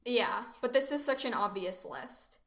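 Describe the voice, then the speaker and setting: Bright-voiced woman in a roomy space. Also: fairly high pitch. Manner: opinionated, chatty, quick to laugh. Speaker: podcast co-host. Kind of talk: casual film chat.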